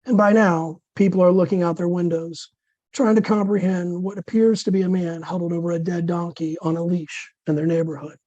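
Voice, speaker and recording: A man with a scratchy voice from dysphonia, reading his own absurd flash fiction in a dry, deadpan way over a video call. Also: high-pitched, brisk, no echo, lo-fi sound.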